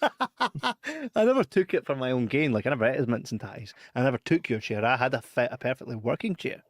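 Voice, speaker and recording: A man's voice: medium pitch, very animated, brisk, no echo. Scottish male co-host, giggly storyteller, dry booth sound. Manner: laughs through his stories, shrieks impressions. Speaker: podcast co-host. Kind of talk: casual chat.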